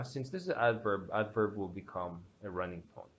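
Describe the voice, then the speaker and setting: A man teaching a grammar lesson, explaining step by step with many pauses and restarts. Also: on the low side. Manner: hesitant, many fillers and restarts. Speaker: language teacher. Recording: dull lo-fi sound with faint background hiss.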